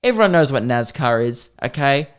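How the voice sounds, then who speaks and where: An Australian man hosting a podcast, telling a comic story in an animated, sweary, exasperated way. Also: medium pitch, moderate pace, clean tone. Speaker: podcast host. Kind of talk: comedic storytelling.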